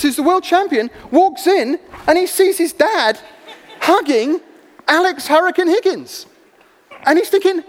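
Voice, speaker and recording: A man with a high voice preaches to a gathered crowd. He tells his story in a lively, expressive way. His voice rings with the long echo of a large hall. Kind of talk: sermon storytelling.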